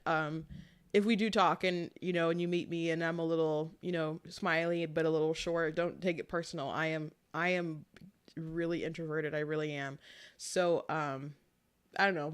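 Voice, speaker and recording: A young adult woman hosting casual political commentary, talking chattily with quick asides and frequent laughter. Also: low-pitched, steady tone, clean tone.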